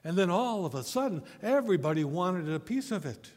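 A man pastor reading scripture and preaching a sermon, telling a story in a measured way and asking rhetorical questions. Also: high-pitched, very animated, a little mellow. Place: church sanctuary. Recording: long church hall reverb.

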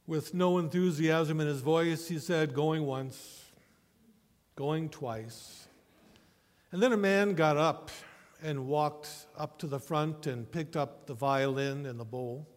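Slow, measured male preacher in a reverberant church. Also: a little high, fairly even intonation. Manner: measured storytelling with rhetorical questions. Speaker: pastor. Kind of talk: sermon. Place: church sanctuary. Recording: long church hall reverb.

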